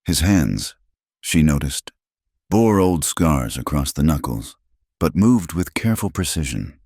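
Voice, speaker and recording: A man narrating a western story in slow, measured scripted narration. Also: rumbling low, sing-song, darkish tone, husky, no room sound, studio quality.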